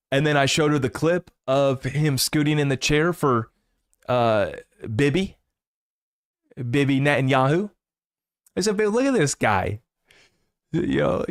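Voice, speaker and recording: A man hosting a crypto channel, chatting casually and excitedly with rambling asides and laughs. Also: fairly high pitch, no echo, studio quality. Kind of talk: casual livestream commentary.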